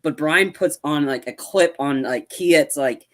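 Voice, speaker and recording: A man co-hosting a podcast, excitedly recapping film scenes with lots of fillers and acted-out quotes. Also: fairly high pitch, a little slow. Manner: animated retelling, acts out quotes, lots of fillers. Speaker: podcast co-host. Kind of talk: casual movie review chat.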